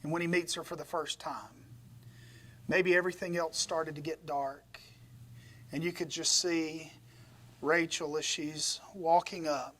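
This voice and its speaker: A man's voice: on the high side, steady tone, unhurried, pauses often, fairly bright tone. A man preaching a conversational sermon, retelling a story with animation and folksy humorous asides. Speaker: pastor.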